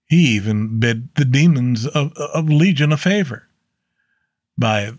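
Slow, earnest man teaching the Bible. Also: mid-range voice, animated, no room sound, studio quality. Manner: slow and earnest, with fillers and self-corrections. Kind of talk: casual Bible study talk.

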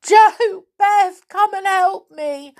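Storybook girl, small, inquisitive and sulky, high bright voice; woman narrator voicing. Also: sing-song, slow, full character voice. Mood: sobbing, outraged. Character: curious, sulky little girl.

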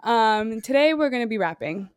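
A woman's voice: fairly high pitch, lively intonation, normal speed, clean tone, no room sound. A young woman co-hosting a podcast in loose, joking conversation, her voice swooping up and down as she giggles and fills gaps with "like." The sound is close and dry, with no room around it. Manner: giggly, playful, lots of "like" fillers. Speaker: podcast co-host. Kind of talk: casual chat.

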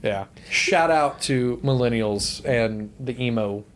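A man's voice: medium pitch, slow pace, a little hiss or hum. A young man co-hosting a casual movie podcast, rambling and swearing freely. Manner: rambling, swears, laughs often. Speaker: podcast co-host.

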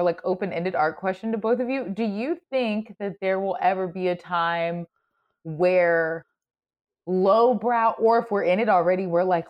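A woman co-hosting a podcast in casual chat, enthusiastic and rambling, quick to exclaim. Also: lowish voice, lo-fi sound. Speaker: podcast co-host.

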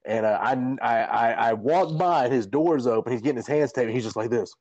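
A man's voice: medium pitch, fairly quick, dry recording, dull audio. A man, a podcast host and fighter, telling a rambling, profane story in a casual chat. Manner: animated, profane, rambling anecdotes.

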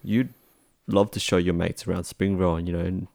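An Australian man chatting as a podcast co-host, relaxed and halting, with many fillers. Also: low voice, creaky, no room sound, clean studio sound. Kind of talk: casual chat.

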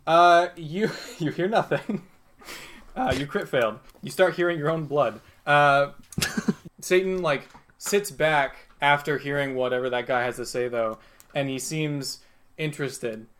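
A man's voice: fairly high pitch, measured pace, a bit bright. A man narrating a tabletop game as game master, casual and laughing, with many fillers.

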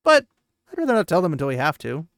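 A man's voice: a little high, huge pitch swings, fast talker, a bit bright, no room sound, studio quality, pitched above the performer's own voice, heavily acted. A man voicing a stern, proud young woman who gives curt commands.

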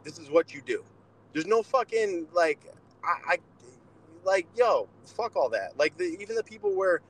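A young man with a slightly high voice talks in a loose, swearing, no-nonsense way. He co-hosts a casual podcast and tells stories about fighting with blunt energy. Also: lively intonation, moderate pace, breathy edge, low-quality recording. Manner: profane, blunt storytelling. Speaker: podcast co-host, boxer.

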